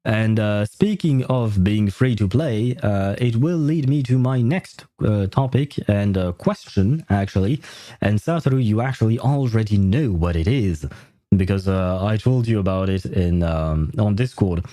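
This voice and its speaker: A man's voice: fairly low pitch, lively intonation, measured pace, warm tone, no echo. A man whose first language is French, chatting in a rambling way as a game streamer on a livestream and laughing often. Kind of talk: casual livestream chat.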